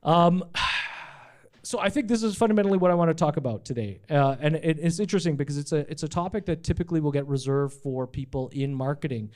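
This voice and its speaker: A middle-aged man giving a casual live talk about his company to an audience, energetic and profane, with jokey asides. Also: fairly high pitch, brisk. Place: event space in front of a live audience.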